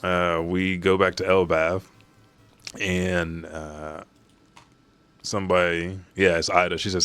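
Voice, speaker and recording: A man hosting a live reaction to a manga chapter. He recaps it in an excited, profane and rambling way. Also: low-pitched, takes it slowly, pauses often, clear, resonant tone, no room sound.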